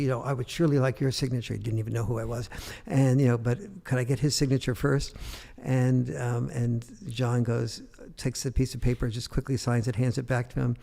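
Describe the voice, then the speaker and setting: Older man, very gravelly voice, dark mellow tone, rambling storyteller, long echo. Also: mid-range voice. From United States. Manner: rambling anecdotal storytelling with many fillers. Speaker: guest author. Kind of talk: storytelling in an interview.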